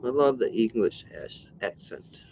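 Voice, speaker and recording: A man's voice: fairly low pitch, expressive, unhurried, vocal fry, noisy background. An easygoing man chatting casually while he works on a craft. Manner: easygoing, laughs often. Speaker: livestream co-host. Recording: lo-fi livestream audio.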